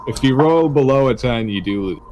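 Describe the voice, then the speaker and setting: Calm male game master, faint noise. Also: mid-range voice, fairly quick, low-quality recording. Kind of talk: running a tabletop game over a call.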